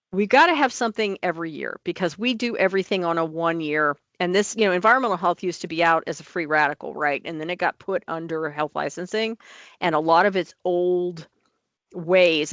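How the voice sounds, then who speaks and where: A woman's voice: lowish voice, fairly bright tone, no echo. A woman on licensing office staff, talking through rule changes at a board meeting in an emphatic, plain-spoken way.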